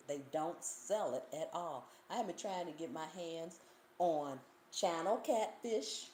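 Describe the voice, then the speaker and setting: A woman's voice: fairly low pitch, mellow. A woman hosting a live cooking channel Q&A, reading viewer questions and answering in a chatty, folksy way. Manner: chatty, folksy, reads viewer comments aloud. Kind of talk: live stream Q&A chat. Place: Pennsylvania home. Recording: echoey room with faint ambient noise.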